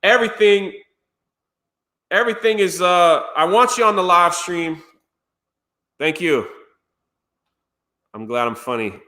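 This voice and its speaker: Animated, bright-voiced man telling stories. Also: sits high, unhurried, long pauses. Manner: animated, laughing, acts out quotes. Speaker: streamer. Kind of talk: casual storytelling. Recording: roomy echo.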